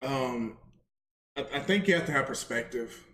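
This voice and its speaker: A man co-hosting a casual podcast, talking emphatically and repeating phrases for effect. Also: normal speed. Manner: emphatic, repeats phrases, animated pitch jumps. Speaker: podcast co-host. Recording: roomy echo.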